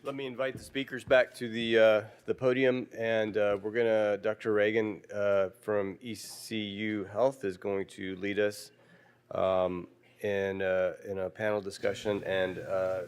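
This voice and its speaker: A man introducing the speakers for a conference panel, halting with many uhs. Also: on the low side, little pitch movement. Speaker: session chair.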